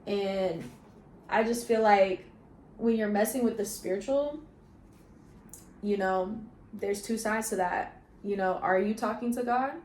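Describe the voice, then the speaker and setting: This young woman's mid-range voice has a darkish tone and a measured pace broken by long pauses. Vlogging chattily from her echoey bedroom with slight background noise, she tells stories peppered with "y'all" and "you feel me."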